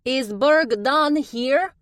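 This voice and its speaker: A woman voicing a cheerful young female messenger in an audiobook, high and chirpy. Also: very slow, dry recording, studio quality.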